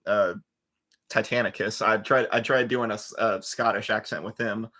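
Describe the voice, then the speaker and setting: A man in his twenties hosts a livestream and chats loosely, often restarting and trailing off. His voice is lowish and bright. He is captured on a computer microphone. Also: steady tone, normal speed. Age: 20s. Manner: rambling, with restarts and trailing fillers. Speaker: livestream host. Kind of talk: casual livestream chat. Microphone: computer webcam mic.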